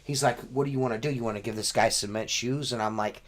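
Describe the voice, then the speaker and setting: A man talking shop on a casual podcast. He rambles, swears often and leans on fillers, circling back on his points. His voice sits at an everyday middle pitch. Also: steady tone, quick pace. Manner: rambling, profane, full of fillers like "you know what I mean". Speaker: window cleaning business owner.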